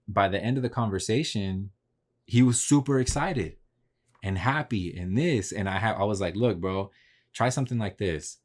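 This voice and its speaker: A man's voice: lowish voice, normal speed. A man hosting a podcast, telling a story in a casual, slangy, profane way and replaying his own conversations. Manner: laid-back, slangy and profane, retelling conversations. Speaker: podcast host.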